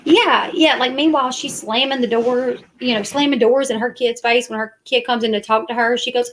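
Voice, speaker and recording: A woman's voice: on the high side, steady tone, brisk. A woman, chatting casually and defensively to her live stream viewers. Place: parked car at night.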